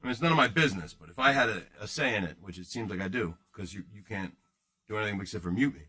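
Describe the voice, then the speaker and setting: A man's voice: on the low side, animated, racing, sharp tone. A man hosting a card-breaking livestream, rambling and joking casually with his viewers in chat.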